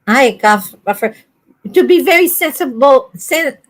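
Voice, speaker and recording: A woman chats casually on a stream, often pausing to search for words and laughing. Her voice sits fairly high. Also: expressive, low-quality recording. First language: Portuguese. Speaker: livestream co-host. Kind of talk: casual chat.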